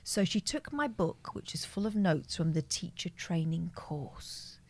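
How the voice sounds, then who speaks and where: A woman's voice: lowish voice, big pitch swings, measured pace, a little mellow. A woman co-hosting a podcast who tells stories in a dry, teasing way during casual chat. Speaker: podcast co-host.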